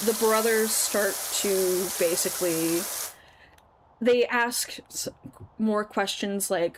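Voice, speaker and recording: A woman streamer retelling a story in casual chat while she plays a game, acting out the quoted lines with big jumps in pitch. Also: takes it slowly, low-quality recording.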